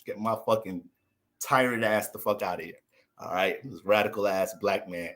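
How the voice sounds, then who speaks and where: A man's voice: fairly low pitch, moderate pace. An American man, an astrologer, ranting in a casual livestream, joking, cursing and laughing as he goes. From United States. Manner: profane, joking, animated.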